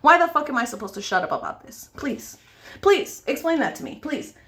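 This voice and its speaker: A woman's voice: high voice, lively intonation, fairly quick, fairly bright tone. A woman makeup vlogger ranting angrily with lots of swearing and pleading questions while she does her makeup. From United States. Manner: angry, profane, pleading.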